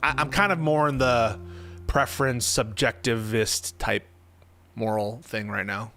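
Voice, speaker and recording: A man's voice: medium pitch, fairly even intonation, measured pace, sharp tone, faint music behind. A young man streaming casual political commentary. He thinks aloud, answers his chat, and grows emphatic when he argues.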